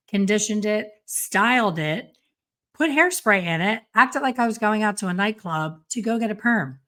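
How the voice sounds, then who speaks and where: A middle-aged woman hairstylist hosting a casual solo podcast, chatty and self-deprecating with quick asides. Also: medium pitch, fairly bright tone. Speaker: podcast host and hairstylist educator.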